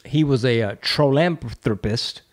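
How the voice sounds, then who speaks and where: A man's voice: medium pitch, a little slow. A man co-hosting a comedy podcast in casual, slangy chat, joking and slipping into mock voices. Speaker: podcast co-host.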